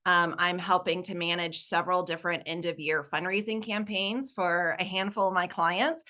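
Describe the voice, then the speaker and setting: A woman's voice: on the low side, fairly even intonation, normal speed, sharp tone. A woman in her forties with a Southern US accent, presenting a webinar as a nonprofit consultant, casual, upbeat and chatty. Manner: upbeat, chatty, laughs easily.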